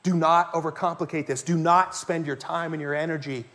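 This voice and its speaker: A man's voice: on the high side, steady tone, brisk, a bit bright. A man preaching a sermon as pastor to his congregation, telling stories in a conversational way and asking the listeners questions. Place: church sanctuary before a congregation.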